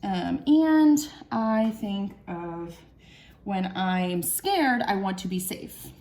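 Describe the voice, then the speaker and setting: A woman's voice: medium pitch, animated, darkish tone. Patient woman teaching second graders. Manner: patient, slow, sounding out words and clapping syllables. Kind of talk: recorded class lesson.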